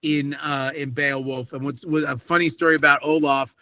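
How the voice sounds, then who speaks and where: A man guesting on an interview podcast, telling animated stories about his acting work and acting out the quotes. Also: fairly high pitch, normal speed, dry recording. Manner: animated anecdotes with acted-out quotes. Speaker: voice actor guest. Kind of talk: casual interview storytelling.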